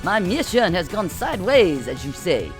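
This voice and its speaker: An audiobook narrator voicing a reckless, giddy male Soviet spy with a Russian accent and an excitable, theatrical delivery. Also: mid-range voice, normal speed, music in the background, natural voice.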